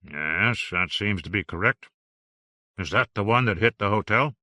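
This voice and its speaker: Brief: gravelly, laid-back older scientist, read by a male narrator, low and dry. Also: expressive, pushed and bright, no room sound, heavily acted. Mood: matter-of-fact. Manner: casual, measured replies. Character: gruff gray-haired male astrophysicist.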